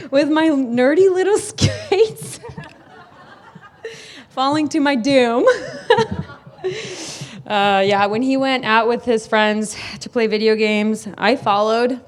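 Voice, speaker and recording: Young woman giving a wedding toast, slow and a bit high, laughs a lot, close to crying. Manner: laughing often, emotional, near tears. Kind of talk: wedding speech. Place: wedding reception hall.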